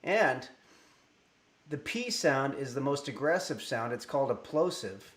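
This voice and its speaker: Streaming live from home, a man chats casually into his desk microphone, rambling and reading viewer messages aloud with plenty of fillers. His medium-pitched voice is a bit bright, with lively intonation and a measured pace, and the sound is roomy.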